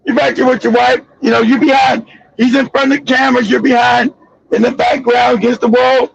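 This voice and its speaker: A man hosting a live stream, ranting loudly and animatedly with profanity. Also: very high voice, flat delivery, a little fast, gravelly, breathy edge, lo-fi sound. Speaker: stream host.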